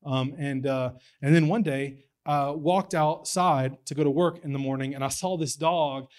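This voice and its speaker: A young man preaching a sermon, telling stories in a folksy way and building to excited emphasis. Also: fairly high pitch, normal speed. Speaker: pastor.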